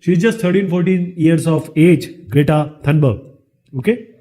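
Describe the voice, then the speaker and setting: A man with an Indian English accent delivers a classroom lecture in a fairly high voice. He keeps asking the class rhetorical questions and answers each one himself. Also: a little slow, warm tone. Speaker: teacher.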